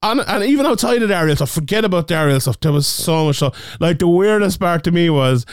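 Podcast host, lively chatter, lots of laughs, smooth higher voice, dry close mic. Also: male voice, fast talker, no room sound. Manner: animated, laughs often, swears, restarts a lot. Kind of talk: casual MMA podcast chat.

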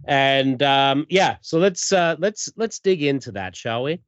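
A man's voice: medium pitch, unhurried, clear, resonant tone, dry recording. Podcast guy chatting through a comic, lots of ums, dull dry mic. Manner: relaxed, many fillers, reads credits aloud. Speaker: podcast host. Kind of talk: casual chat, recapping a comic.

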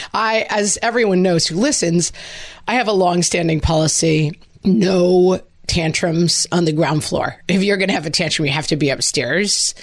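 A woman in her forties, co-hosting a casual parenting chat as a frank, self-mocking, animated storyteller. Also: on the low side. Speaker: podcast co-host.

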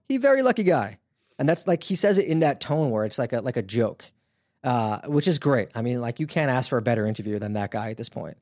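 A man narrates a true-crime story as a podcast host, chatty and animated with plenty of fillers. His voice sits in a middle pitch. The recording is dry and close. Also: no room sound. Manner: animated, conversational with frequent fillers. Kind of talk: casual storytelling.

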